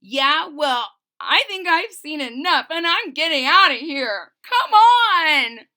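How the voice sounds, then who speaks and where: A curious, daring young girl in a storybook, urgent and bossy as she pushes her friends forward, voiced by a woman reading aloud. The voice is high and bright with lively swings. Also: slow, full character voice. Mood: alarmed. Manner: eager, urgent, bossy hushing.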